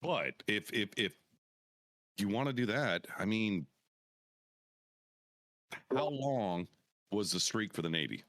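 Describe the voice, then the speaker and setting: A man's voice: fairly low pitch, animated, slow pace, pauses often, a bit bright, no echo, clean studio sound. A man hosting a veterans podcast, talking casually and brashly with lots of profanity and trash talk. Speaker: podcast host.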